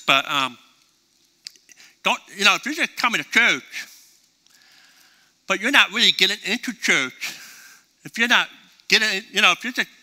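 A middle-aged male pastor preaching a conversational sermon, acting out little dialogues as he goes. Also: sits high. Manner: conversational, animated, acts out both sides of dialogues.

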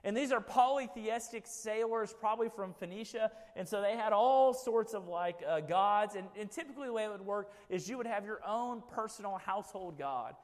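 A man's voice: high voice, moderate pace, hardly any pauses. A man in his forties preaching a sermon in a conversational way, often adding "right?" to check in with listeners. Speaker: pastor. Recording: reverberant church hall.

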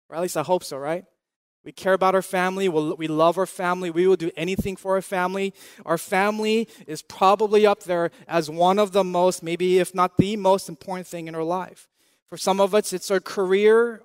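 A man in his thirties delivers a sermon with a notably high, light voice for a man. He talks in an earnest, conversational way, circling back to repeated phrases and posing questions to his listeners. The sound is dry and close, with no room echo. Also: clear, resonant tone. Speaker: pastor.

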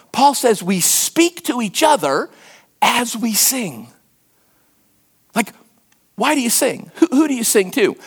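A man preaching a sermon as pastor, telling stories and acting out quotes, sometimes dropping to a hushed near-whisper for emphasis. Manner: storytelling, acts out quotes with sudden pitch jumps.

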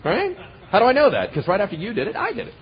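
A man pastor preaching a sermon in a conversational way, swinging from loud bursts to hushed asides, on a dull lo-fi recording. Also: sits high, wildly swooping pitch, quick pace.

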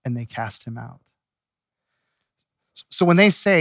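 High-voiced man preaching a sermon. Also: normal speed, long pauses, dry recording, studio quality. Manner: lively storytelling, chuckling at the text. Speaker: pastor. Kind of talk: expository sermon.

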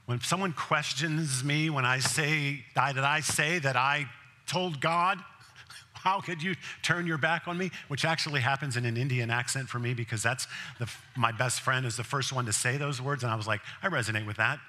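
A man's voice: mid-range voice, normal speed, sharp tone. A male pastor preaching a sermon in a conversational way, asking the congregation direct questions.

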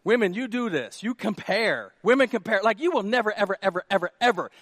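High-voiced animated male preacher. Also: a little fast, no echo. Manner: animated, jokey, shouting at times. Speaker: pastor. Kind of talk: sermon.

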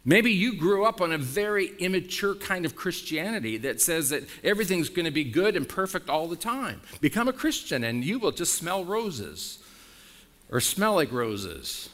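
A man's voice: sing-song, normal speed. A man preaching a sermon as pastor, emphatic and blunt, talking straight to his congregation. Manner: emphatic preaching with wide swings in pitch and loudness; direct, frank and blunt with the congregation.

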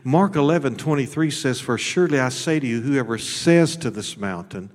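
A man preaching a sermon as pastor. His delivery is folksy and blunt, with repeated words, and it swings between shouted high peaks and low, close talk. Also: lively intonation, normal speed. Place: church sanctuary. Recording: long hall reverb.

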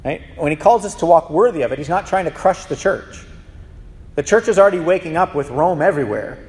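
A man's voice: on the high side, brisk. Man preaching in a reverberant hall. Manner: conversational, animated preaching with restarts. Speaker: pastor. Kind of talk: sermon. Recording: long reverb of a large hall.

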